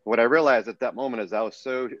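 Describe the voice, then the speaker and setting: A middle-aged man, a podcast guest, telling a personal story in an earnest, animated way, often restarting his sentences. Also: mid-range voice, fast talker, no room sound, highs cut off. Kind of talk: casual storytelling interview.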